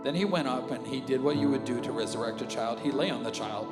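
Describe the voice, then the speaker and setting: A male pastor preaching an animated sermon, dropping to a hush and then rising loud again. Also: medium pitch, fast talker. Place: church auditorium with reverb. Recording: live church audio with long reverb and music underneath. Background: worship music.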